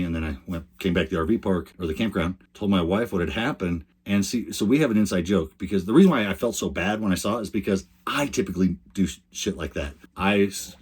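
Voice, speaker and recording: An older man tells a rambling, chatty story straight to the camera. His voice sits low and a little husky, and he often stops and restarts his sentences. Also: fast talker, few pauses, a little mellow. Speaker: RV lifestyle vlogger.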